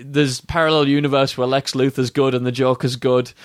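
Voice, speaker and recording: A man's voice: mid-range voice, little pitch movement, brisk, no echo, clean studio sound. A man, co-hosting a podcast and rambling through a story with plenty of swearing. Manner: rambling, sweary retelling with put-on voices. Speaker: podcast co-host. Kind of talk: casual chat.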